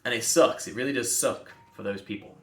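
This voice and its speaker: A man's voice: medium pitch, fairly quick, a bit bright, echoey room, soft background music. A man working as a voice coach, talking in an emphatic, passionate monologue and repeating words for stress.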